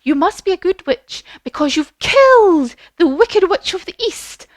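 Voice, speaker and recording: A woman voicing a kind, gentle good witch in a children's story, with a sweet sing-song manner. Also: extremely high pitch, very animated, unhurried, dry recording, pitched above the performer's own voice, exaggerated voice.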